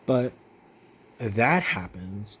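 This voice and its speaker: A man's voice: fairly low pitch, extremely slow, a little hiss or hum. Rambling, profane young man vlogging. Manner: rambling, profane, with many fillers and restarts; animated when retelling stories. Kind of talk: casual monologue.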